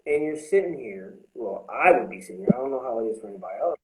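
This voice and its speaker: A man's voice: mid-range voice, expressive, fast talker, hardly any pauses, roomy sound, low-quality recording. A man talking candidly about his recovery from drinking, blunt and heavy with swearing. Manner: blunt, profane, confessional. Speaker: host.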